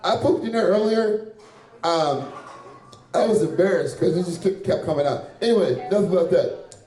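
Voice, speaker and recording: A sweaty stand-up comedian runs through a loose, crude open-mic set at normal speed, laughing at his own jokes between lines. His voice is high yet mellow and dark in tone. Captured from far off on a handheld stage mic, the sound carries the hard echo of a small bar or club with a live audience.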